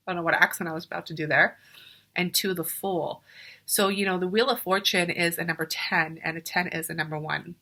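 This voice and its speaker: Bright-voiced woman giving a spiritual tarot reading. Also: on the low side. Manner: earnest, addresses viewers directly, searches for words mid-sentence. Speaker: spiritual coach and tarot reader.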